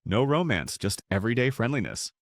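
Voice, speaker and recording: A man's voice: mid-range voice, sing-song, a little fast, no room sound, clean studio sound. A man giving scripted comedic narration for an explainer video, with a wry, playful and punchy delivery.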